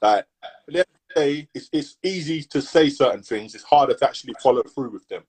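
A man, co-hosting a podcast in a laid-back, halting way full of slang and restarts. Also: medium pitch, expressive, darkish tone, slightly rough, rough recording. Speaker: podcast co-host. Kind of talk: casual chat.

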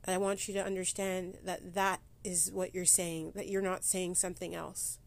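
A woman hosting a personal solo podcast, holding back tears and talking haltingly, with many restarts and pauses. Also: fairly low pitch, flat delivery, vocal fry. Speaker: podcast host. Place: sitting against a board indoors.

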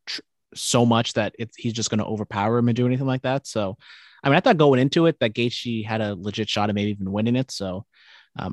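A man's voice: fairly low pitch, no echo, clean studio sound. A man co-hosting a podcast, chatting casually about sports with lots of fillers. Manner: quick, filler-heavy talk. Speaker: podcast co-host.

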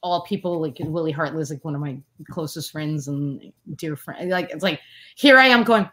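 A woman in her forties, a guest in a casual interview, telling stories with lots of fillers and lively quoted voices. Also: moderate pace. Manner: animated, many fillers, acts out quotes in a higher voice. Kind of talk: casual storytelling chat.

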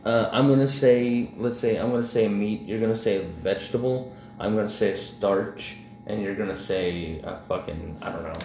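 A man's voice: lowish voice, moderate pace, echoey room, background noise. A man co-hosting a podcast in casual chat, laid-back and swearing freely. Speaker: podcast co-host.

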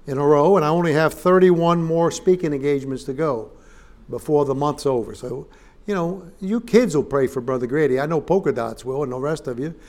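A traveling preacher speaks to a live congregation in a voice pitched a little high for a man. He talks in a folksy, joking way, asks for amens and calls his listeners neighbor. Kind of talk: humorous sermon opening to a congregation. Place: church service in front of a live congregation.

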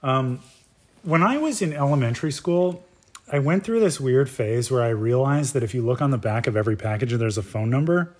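Deadpan sarcastic man. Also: mid-range voice, brisk. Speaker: podcast co-host. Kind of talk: casual chat about a reality show.

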